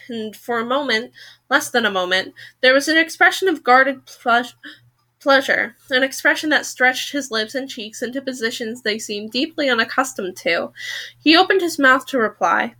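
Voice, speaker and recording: A woman's voice: sits high, normal speed, pushed and bright. A woman reading a novel aloud for a podcast, casual and correcting herself as she goes. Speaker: podcast book reader.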